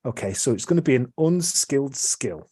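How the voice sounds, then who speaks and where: A man running a tabletop game as game master, explaining rules in a relaxed, chatty way. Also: mid-range voice, normal speed, husky, no echo.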